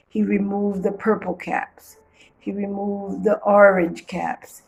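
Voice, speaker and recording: A woman reading a children's storybook aloud with playful, expressive storytelling. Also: mid-range voice, slow pace, gravelly, a little hiss or hum, poor audio.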